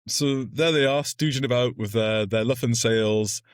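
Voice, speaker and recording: A man's voice: mid-range voice, normal speed, clear, resonant tone, no room sound, studio quality. A man, a podcast co-host chatting casually and animatedly through a film recap. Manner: animated storytelling, slips into funny voices. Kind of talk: casual film review chat.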